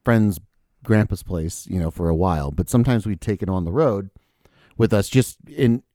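A man's voice: on the low side, normal speed, mellow, no echo, studio quality. A young adult man, a musician, telling a long story in casual podcast chat, rambling with lots of fillers and swearing. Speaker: guest musician.

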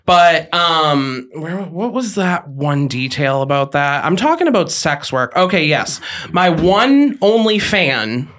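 A man's voice: a little high, very animated, slow pace, fairly bright tone. A man, a podcast guest telling rambling, profane stories in casual chat. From Greater Boston. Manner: profane, rambling, loses track of his story. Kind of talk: casual rowdy storytelling.

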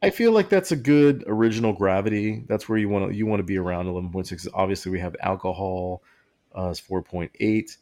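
A man's voice: deep voice, fairly quick, a little mellow. A man co-hosting a podcast in casual chat, rambling and often breaking into laughter mid-sentence. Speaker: podcast co-host.

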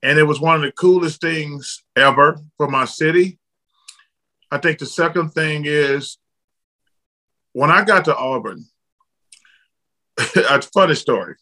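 Bright-voiced man telling stories. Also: a little high, unhurried, pauses often, poor audio. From Alabama, United States. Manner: lively, blunt storyteller, casual slang. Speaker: guest, former basketball player. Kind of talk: candid storytelling in an interview.

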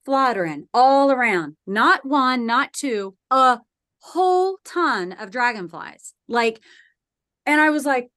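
A woman guest on a podcast, telling a personal story in a lively way and acting out the voices in it. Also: high-pitched, slow, dry recording, clean studio sound.

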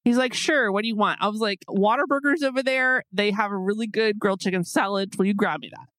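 A woman's voice: medium pitch, quick pace, a bit bright, dry recording. A woman hosting a podcast, telling a story in casual chat, acting out her own exasperated quotes and swearing freely. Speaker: podcast host.

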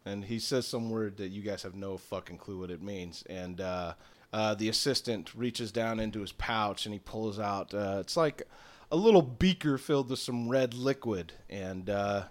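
A man narrating as game master of a tabletop game, loosely and with many pauses. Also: on the low side. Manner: loose, halting, lots of ums.

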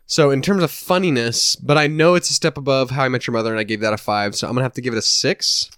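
A man's voice: mid-range voice, fast talker, a bit bright, smooth, no room sound, studio quality. A man co-hosting a podcast, chatting casually and hesitantly about sitcom rankings. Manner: hesitant, restarts while ranking shows. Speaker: podcast co-host. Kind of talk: casual chat.

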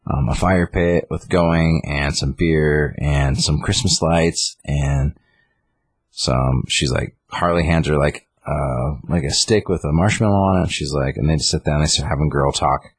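A man's voice: extremely low pitch, measured pace, breathy edge. A man casually recapping a comic story, rambling with lots of fillers. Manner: rambling retelling with many fillers. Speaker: comic book reviewer. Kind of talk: casual chat.

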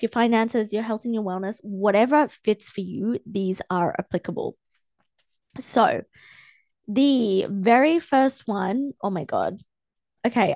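A woman's voice: a little high, a little mellow, dry recording. A young woman hosting a solo podcast, talking casually and encouragingly as a personal-growth coach. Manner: chatty, encouraging, self-help coaching tone. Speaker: podcast host. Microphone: close podcast mic, filmed for video.

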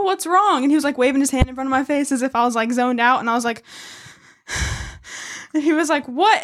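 A woman's voice: sits high, a bit bright. A young woman co-hosting a podcast, telling childhood stories in casual chat and laughing often. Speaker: podcast co-host.

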